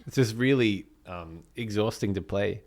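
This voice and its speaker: A man with an Australian accent chats casually about music, his voice sitting a little low. He meanders as he thinks aloud, filling gaps with ums. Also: moderate pace. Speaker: podcast co-host.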